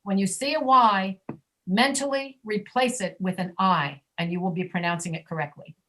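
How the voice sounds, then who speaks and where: A woman teaching an online English pronunciation class, patiently demonstrating sounds slowly and repeating them. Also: medium pitch, fairly bright tone. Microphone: video call.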